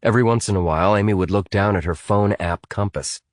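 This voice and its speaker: A man reading a thriller audiobook in an expressive, dramatic way. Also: on the low side, fast, no room sound, studio quality. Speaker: audiobook narrator. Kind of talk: scripted audiobook narration.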